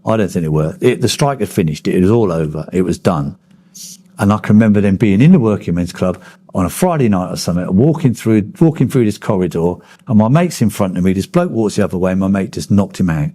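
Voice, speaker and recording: A man, telling his memories bluntly and swearing without hesitation. His voice sits low, mellow and husky. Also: animated, quick pace. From Kent, England. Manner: blunt storytelling, swears freely. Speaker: interviewee, former miner. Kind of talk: oral history interview.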